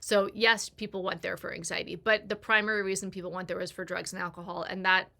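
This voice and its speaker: A woman's voice: on the low side, little pitch movement, fast talker, gravelly, bright, forceful tone. A woman in her forties telling a candid personal story to the camera, acting out the voices of people in it. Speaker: personal growth creator. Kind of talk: confessional storytelling.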